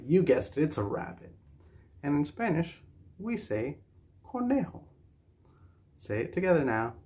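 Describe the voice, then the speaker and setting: A man's voice: medium pitch, a little mellow. A man teaching a children's language lesson, encouraging little ones to repeat each word after him. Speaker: preschool teacher.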